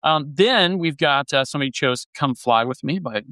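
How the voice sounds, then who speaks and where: A man's voice: a little high, lively intonation, moderate pace, sharp tone, no room sound. A man hosting a music podcast in casual chat, enthusiastic and rambling, often restarting his sentences. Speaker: podcast host.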